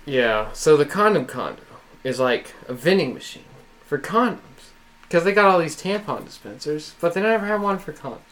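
A man's voice: on the high side, lively intonation, normal speed, fairly bright tone. A man from Oklahoma with an Oklahoman accent, hosting a podcast in casual, crude banter full of fillers. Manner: rambling, crude joking, lots of fillers. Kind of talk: casual chat.

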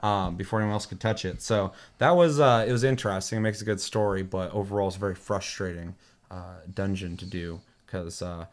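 A man with a fairly low voice talks through a casual gaming chat as host. He rambles through his stories and swears freely. The talk is loose and unscripted. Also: fairly even intonation, a little fast. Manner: profane, rambling storytelling.

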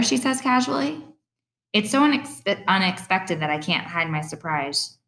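A woman narrating an audiobook in the first person, expressive and reflective. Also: mid-range voice, measured pace.

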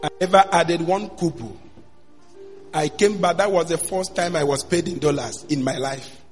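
Pastor preaching in a reverberant hall. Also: male voice, a little high, moderate pace. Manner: storytelling sermon, swings from hushed to shouting. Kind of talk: sermon. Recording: long hall reverb with faint music.

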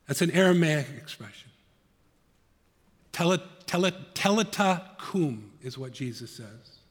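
A male pastor preaching a sermon, earnest, dropping to soft hushed tones and rising to emphatic peaks. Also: a little high, big-room sound.

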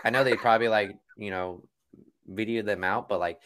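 A man co-hosting a casual movie podcast, relaxed and swearing freely. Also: lowish voice, brisk. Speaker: podcast co-host.

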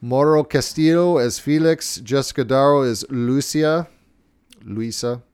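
A man's voice: fairly high pitch, moderate pace, darkish tone, clear, resonant tone, dry recording, studio quality. Profane, stammering male podcast host. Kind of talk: casual profane chat.

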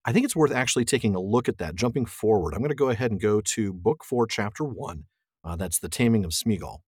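A man's voice: fairly low pitch, expressive, fast, husky, dry recording, clean studio sound. A man co-hosting a podcast, talking casually and enthusiastically about a book and reading passages aloud. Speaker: podcast co-host.

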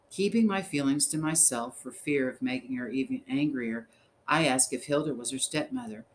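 A man reads a storybook aloud in the first person, at a measured, steady pace. His voice sits at a middle pitch, and a faint hiss runs under it. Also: low-quality recording. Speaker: audiobook narrator.

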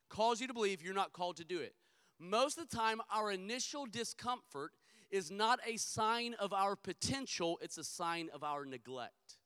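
Middle-aged male pastor, high and bright, emphatic sermon delivery with comic storytelling asides. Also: smooth. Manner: emphatic preaching with humorous storytelling.

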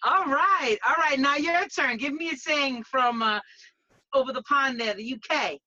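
A woman with a strong Bronx accent talks over a video call, loud, playful and quick to laugh. Her voice sits high and bright, and the sound is close and dry. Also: no echo, lo-fi sound. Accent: Bronx New York. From the Bronx, New York. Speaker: dog groomer guest.

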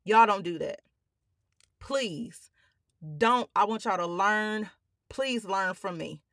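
A woman's voice: mid-range voice, takes it slowly, fairly bright tone, no echo. A woman hosting a podcast, telling listeners her personal story with emphatic, blunt language and holding back tears. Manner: emphatic, addresses listeners as y'all, frequent swearing. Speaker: podcast host.

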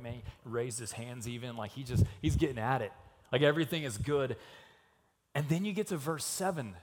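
Emphatic casual male preacher in reverb. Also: mid-range voice. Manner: casual, emphatic preaching that swings from hushed to loud. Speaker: pastor. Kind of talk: sermon.

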